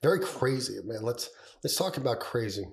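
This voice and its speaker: A man co-hosting a podcast in casual chat, rambling and halting as he talks, with a cough that keeps breaking in. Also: mid-range voice, animated, gravelly. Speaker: podcast co-host.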